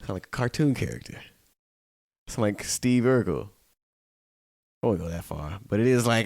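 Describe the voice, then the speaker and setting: A tired man hosting a solo podcast, chatting casually, laughing often and slipping into quick quoted voices. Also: lowish voice, animated, darkish tone, no echo, clean studio sound. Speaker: podcast host.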